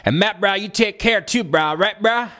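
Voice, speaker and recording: A man's voice: high voice, moderate pace, sharp tone, voice pushed up. A man voicing a laid-back, friendly Texan party guy who drawls and ends every phrase with "bruh". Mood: urgent, friendly.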